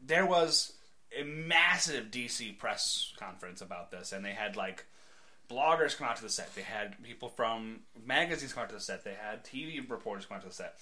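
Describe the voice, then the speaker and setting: A man co-hosting a casual chat podcast, animated and joking, acting out comic scenes as he talks. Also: lowish voice. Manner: animated, quick to joke and act out comic scenes. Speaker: podcast co-host.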